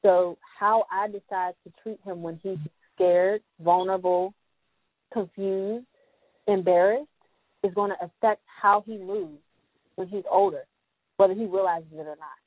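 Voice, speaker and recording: A woman's voice: medium pitch, steady tone, unhurried, no room sound. A woman guest in a casual chat about parenting, talking with energy and acting out quoted voices in slang. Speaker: podcast guest. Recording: tinny phone-like sound, dry.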